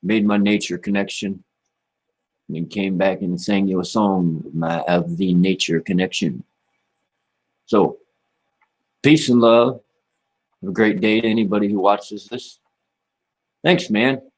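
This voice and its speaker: A man's voice: deep voice, steady tone, measured pace, pauses often, darkish tone. A man hosting a casual livestream, talking in a laid-back, rambling way and dropping "man" and "you know" often. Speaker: livestream host.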